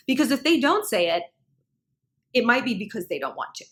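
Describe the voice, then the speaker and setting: A woman in her thirties telling a relationship story to camera in a chatty, animated way, full of fillers and acted-out quotes. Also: fairly high pitch, a little fast. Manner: chatty, animated, many "like"s, acts out quoted dialogue. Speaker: relationship advice vlogger.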